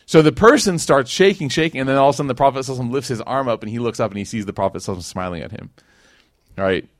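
A man's voice: mid-range voice, very fast, no echo, clean studio sound. A man from Chicago teaching a conversational sermon, telling stories with slang and acted-out quotes. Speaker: Islamic teacher. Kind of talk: casual sermon.

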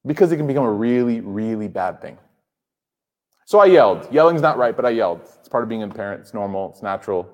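A man's voice: on the low side, very animated, fast talker. A man in his thirties giving a sermon to a live audience, conversational and joking, often asking the crowd questions. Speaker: Islamic speaker. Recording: hall reverb.

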